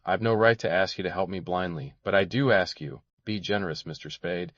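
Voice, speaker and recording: A man's voice: deep voice, fairly quick, a bit bright. A man reading an audiobook voices a desperate young woman begging a detective for help, in a tremulous, pleading manner. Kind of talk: audiobook character voice. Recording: dull, dry recording.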